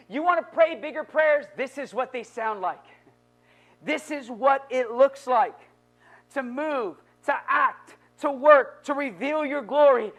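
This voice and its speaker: A male pastor delivering a sermon, moving from quiet, low passages to loud, building exhortation. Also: expressive, moderate pace, soft background music. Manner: dynamic preaching, dropping low then building to shouts.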